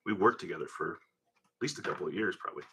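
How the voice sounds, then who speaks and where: A man's voice: low voice, quick pace, a little hiss or hum. A man hosting a live stream from his garage, chatting and rambling while reading out viewer names. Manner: rambling, animated, reads chat names aloud. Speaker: host of a live car-build stream. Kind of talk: casual live-stream chat. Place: home garage workshop.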